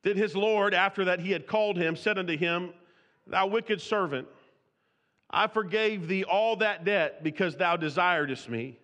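High bright-voiced preacher in a reverberant hall. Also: male voice, normal speed, few pauses. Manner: reads scripture aloud in King James wording; restarts and repeats words while speaking freely. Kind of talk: expository sermon.

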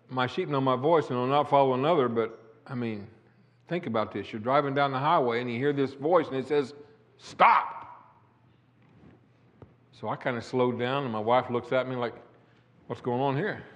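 An older man preaching a sermon, telling a personal testimony in a folksy, emphatic way. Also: medium pitch. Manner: folksy, rising to emphatic declamation. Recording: echoey hall.

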